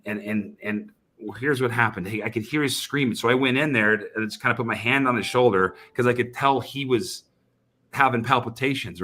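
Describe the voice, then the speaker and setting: A man's voice: medium pitch, sharp tone. Emphatic man telling a sales story. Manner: emphatic, repeats words and restarts often. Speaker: sales trainer guest. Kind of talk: animated storytelling in a podcast chat.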